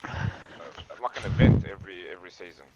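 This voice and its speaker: A man's voice: low-pitched, fast, mellow, lo-fi sound. A man explaining something in casual chat, hesitant and searching for his words. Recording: distant, noisy mic.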